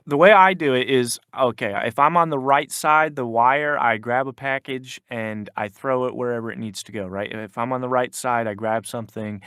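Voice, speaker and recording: A man's voice: medium pitch, a bit bright, smooth, no room sound, clean studio sound. A young man co-hosting a podcast, telling a work story in casual chat with lots of restarts and fillers. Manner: rambling, many restarts, quotes people in put-on voices. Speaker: podcast co-host.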